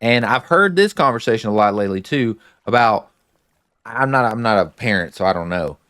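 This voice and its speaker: A man's voice: on the low side, expressive, fairly quick, a bit bright, clean tone, no room sound, clean studio sound. A man casually recapping a TV episode, retelling scenes with lots of "like"s and adding his own opinions. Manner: chatty, many filler "like"s, retells scenes then gives opinions. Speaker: show recap host.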